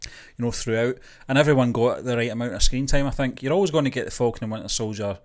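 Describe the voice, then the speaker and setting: A man co-hosting a casual review podcast, speaking in a measured, agreeable way and often chiming in with "yeah". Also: mid-range voice. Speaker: podcast co-host.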